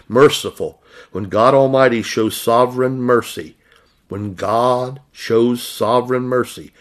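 Low-voiced man preaching with emphasis. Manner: emphatic, repeating rhetorical questions; reads scripture aloud with slow stressed phrasing. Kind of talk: sermon.

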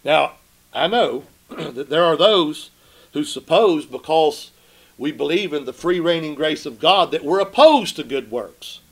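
A man preaching a sermon, emphatic, asking the congregation rhetorical questions and slowing down to read scripture. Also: fairly high pitch, expressive.

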